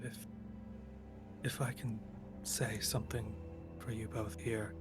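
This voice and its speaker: A man's voice: fairly low pitch, little pitch movement, loud music behind the voice. Man doing a solemn, formal, grateful man. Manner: formal, measured.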